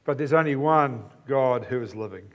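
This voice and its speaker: A man's voice: medium pitch, moderate pace, a bit bright, muffled recording. A man preaching a sermon, explaining a passage with emphatic, repeated phrases.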